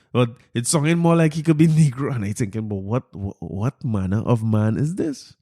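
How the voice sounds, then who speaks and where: A podcast host with a Trinidadian accent runs through the news in a casual monologue, animated and incredulous, often repeating his words. His voice is fairly high at a moderate pace, in a dry, studio-quality recording.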